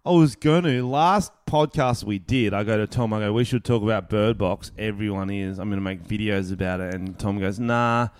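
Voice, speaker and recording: A young man co-hosting a podcast in casual comedic chat, crude, joking and quick to laugh. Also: fairly low pitch, smooth. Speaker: podcast co-host. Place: indoors, in the same room as his co-host.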